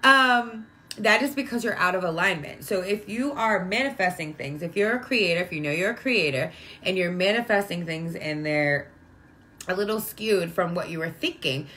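A woman's voice: on the low side, animated, normal speed, pushed and bright. A woman talking casually to her viewers about energy and feelings, chatty and affectionate, often checking in with "right?". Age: adult with a young daughter. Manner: chatty, full of "like" and "right?", affectionate toward listeners. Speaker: spiritual vlogger. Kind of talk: casual spiritual talk to viewers.

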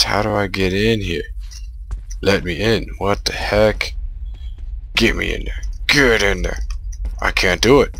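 A man's voice: low-pitched, vocal fry, sharp tone, a little hiss or hum. A man commenting on a horror video game while he plays, easily frightened and full of exclamations. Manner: jumpy, easily scared, lots of exclamations. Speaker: gaming video host.

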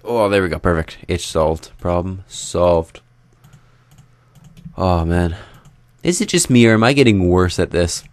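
This low-pitched, animated young man keeps a measured pace in a dry recording. Hosting a Minecraft let's play, he chats with viewers while he builds, his commentary on his own gameplay casual, wandering and self-deprecating.

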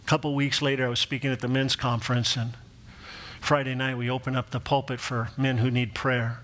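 A man's voice: mid-range voice, little pitch movement, a little fast, fairly bright tone. A middle-aged male pastor telling a personal story in a sermon, acting out quoted voices and laughing along with his own jokes.

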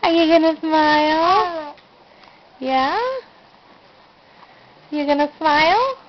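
A woman's voice: high-pitched, slow pace, slight background noise. A woman coaxing a baby in sing-song baby talk, heard on a dull home video recording. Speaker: parent talking to a baby.

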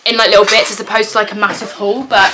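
A woman's voice: mid-range voice, flat delivery, fast talker, bright, forceful tone, a little hiss or hum, poor audio. A young woman chatting casually to camera at home, rambling with lots of "like". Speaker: vlogger, mum. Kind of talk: casual vlog chat to camera. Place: at home, indoors.

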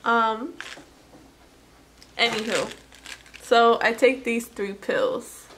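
Slow, chatty woman vlogger. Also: on the high side, fairly even intonation, fairly bright tone, a little hiss or hum. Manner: chatty and self-deprecating, with fillers like "anywho". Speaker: vlogger, new mother. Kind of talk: casual product unboxing chat.

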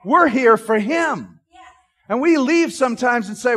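A man giving an animated Bible-teaching sermon, acting out scenes and asking his listeners questions. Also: very high voice, moderate pace. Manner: asks the audience questions.

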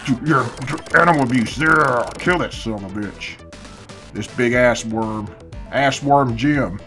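A foul-mouthed man grumbles through a video game in a casual let's-play, drawling his words slowly. He sounds half asleep, with his voice sitting at an ordinary middle pitch. Faint game music plays underneath. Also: bright, forceful tone. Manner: profane, swears constantly, grumbles at the game. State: half asleep, early in the morning. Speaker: gameplay commentator.

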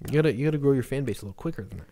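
Fast-talking, laughing podcast host. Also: male voice, mid-range voice, lively intonation, dark tone. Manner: quick, laughing, teasing. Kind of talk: casual podcast banter.

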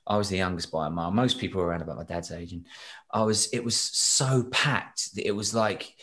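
A young British man, a singer, chatting as a podcast guest and telling animated stories with frequent laughs and restarts. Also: low-pitched, fairly quick. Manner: animated storyteller, laughs often, many restarts. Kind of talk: casual interview chat.

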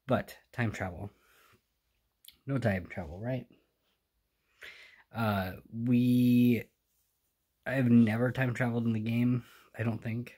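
A man chatting quietly in a casual home vlog, keeping his voice down and sighing now and then. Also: medium pitch, fairly even intonation, slow, pauses often, slightly rough. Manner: hushed and chatty, with sighs. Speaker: vlogger. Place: home indoors.

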